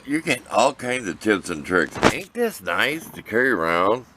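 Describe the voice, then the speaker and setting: A man's voice: lowish voice, very animated, measured pace, bright, forceful tone, slight background noise. An older man vlogging outdoors by his shop, talking to the camera in a folksy, rambling way, sometimes answering himself. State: out of breath. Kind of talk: casual outdoor chat to camera.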